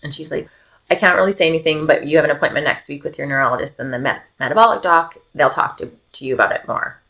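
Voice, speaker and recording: A woman's voice: deep voice, quick pace, a bit bright. A Canadian woman in her thirties telling the story of her baby daughter's illness in a podcast interview. She talks casually, with many fillers, and often drops almost to a whisper. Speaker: podcast guest, mother.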